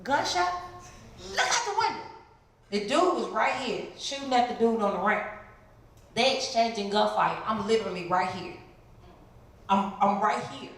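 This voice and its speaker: A middle-aged woman from the Chicago area giving an animated testimony as a guest speaker in a church, jumping into high voices to act out what people said. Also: normal speed. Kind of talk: testimony sermon. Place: large church hall. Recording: very echoey church hall, some noise.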